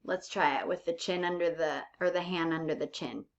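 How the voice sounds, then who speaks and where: A woman's voice: lowish voice, fairly even intonation, fairly quick. A woman teacher giving a recorded lesson, speaking patiently and drawing out her example words. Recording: dull lo-fi recording.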